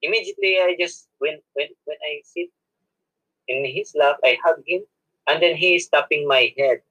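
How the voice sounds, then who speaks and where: Man, spiritual guest, bright, slightly high voice, halting and restarting, laughing through his story. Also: dull audio. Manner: halting, many restarts and self-corrections; laughs often while telling. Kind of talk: personal storytelling in an interview.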